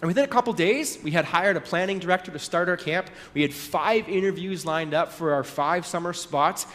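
A man's voice: on the high side, brisk, a bit bright. A male pastor giving a conversational sermon, telling a story with casual asides and little acted voices. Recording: long hall reverb.

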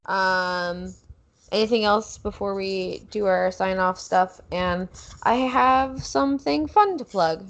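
Playful woman cracking quips. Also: medium pitch. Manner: playful, swearing, quick quips. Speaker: podcast co-host. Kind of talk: casual chat.

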